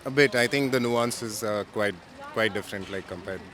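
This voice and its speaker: Soft-spoken Indian man, bright voice. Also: fairly low pitch, brisk, a little hiss or hum. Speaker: interviewee. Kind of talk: casual street chat. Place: city street outdoors.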